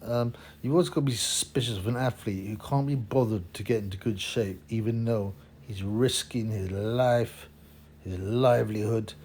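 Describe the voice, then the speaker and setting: A man's voice: fairly low pitch, normal speed, a little mellow, a little hiss or hum. A man, hosting his own boxing channel in a rambling, opinionated casual monologue full of fillers and restarts.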